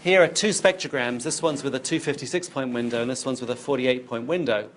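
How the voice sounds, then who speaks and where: A man's voice: medium pitch, brisk, a little hiss or hum. A man giving a recorded university lecture, explaining while he demonstrates on screen and thinks aloud.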